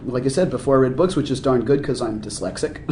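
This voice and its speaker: A man being interviewed as a musician guest, telling stories in a lively way and laughing often. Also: medium pitch, slight background noise. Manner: animated storyteller, laughs often. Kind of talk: casual interview talk. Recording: roomy echoey room sound.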